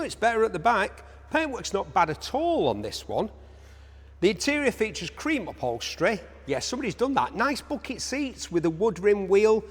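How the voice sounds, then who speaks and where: A man presenting cars for an auction in a chatty commentary style, full of jokey asides to himself. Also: on the high side. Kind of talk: chatty car walkaround commentary. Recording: echoey large hall.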